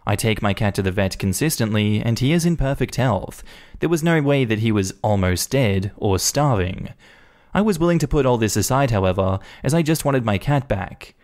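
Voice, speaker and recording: A man reading a first-person Reddit story aloud in an animated, indignant storytelling manner. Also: lowish voice, normal speed. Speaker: story narrator.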